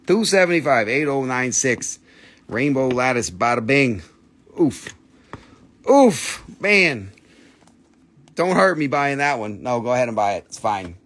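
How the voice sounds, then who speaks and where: A man's voice: medium pitch, lively intonation, a little slow, pauses often, fairly bright tone. A man hosting a live crystal sale, talking in a jokey, exclamatory patter with muttered asides. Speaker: host selling crystals on a live stream. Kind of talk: live sales stream.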